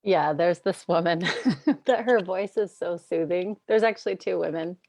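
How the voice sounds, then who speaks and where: A woman's voice: lowish voice, a little slow, darkish tone, no echo. A woman joining a workshop call, giggly and a little bashful as she chats with enthusiasm. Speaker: workshop participant. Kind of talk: casual chat.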